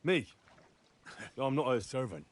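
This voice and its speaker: An actor playing a young male blacksmith's messenger, flat and defensive. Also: medium pitch, normal speed.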